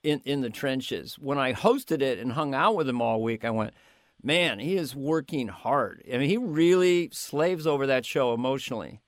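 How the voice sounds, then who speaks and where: An older man, a comedian guest in a casual interview, telling animated stories with laughs and stammered restarts. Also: mid-range voice, moderate pace, hardly any pauses, dry recording, studio quality. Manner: animated storyteller, laughing and stammering through anecdotes.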